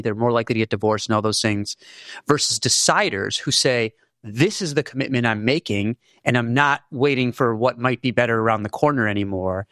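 A male author explains research in a thoughtful, measured way, sometimes restarting a sentence before going on. His voice sits at a middle pitch. The sound is close and dry. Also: a bit bright, dry recording. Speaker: author and interview guest. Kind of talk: explanatory interview talk.

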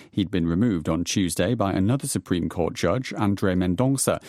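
Man, newsreader, low mellow voice, dry studio sound. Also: no echo. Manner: measured, formal delivery. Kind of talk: radio news reading.

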